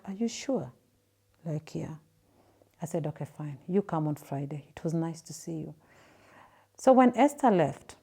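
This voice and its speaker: A Kenyan woman in her thirties, telling her own story to an interviewer in a soft, halting way with repeated words and fillers. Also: on the low side. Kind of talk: personal testimony in an interview.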